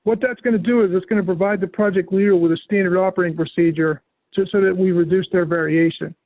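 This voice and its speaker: High-voiced male trainer on a tinny line. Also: fast, no room sound. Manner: relaxed, patient, step-by-step instructions. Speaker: software trainer. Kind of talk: live software training over a call. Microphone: call audio. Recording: tinny phone-like line, dry.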